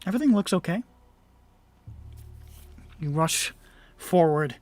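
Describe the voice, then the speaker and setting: Male game master, high voice, laughs through his narration, quick voices for bystanders. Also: expressive, darkish tone, no room sound. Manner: laughs often, acts out passersby.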